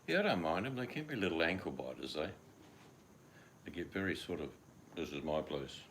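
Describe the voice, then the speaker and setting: A man's voice: low voice, sing-song, a little fast, fairly bright tone, a little hiss or hum. An older man with an Australian accent chatting casually at home, rambling and acting out his dogs in quoted voices. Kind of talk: casual chat.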